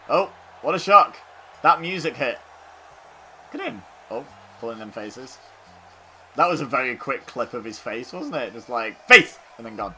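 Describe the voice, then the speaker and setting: Guy rambling over a wrestling game, bright voice, faint music behind. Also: fairly low pitch. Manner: chatty, self-deprecating, rambling with fillers. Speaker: gaming YouTuber. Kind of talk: casual game commentary.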